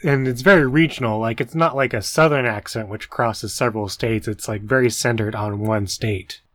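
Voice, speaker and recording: A man with a mid-range voice co-hosts a relaxed educational podcast and jokes about himself. The recording is dry and close, with no room sound. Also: medium pitch, moderate pace, dry recording. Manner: self-deprecating, jokey. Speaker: podcast co-host. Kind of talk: casual educational chat.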